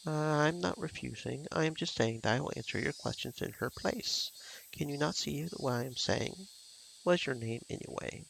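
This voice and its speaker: A man's voice: fairly high pitch, normal speed, fairly bright tone, slight background noise, voice pushed up, low-quality recording. A man voicing a menacing, hot-tempered male guardian who snaps at callers. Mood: hostile. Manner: gruff, impatient, snapping. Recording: game music behind.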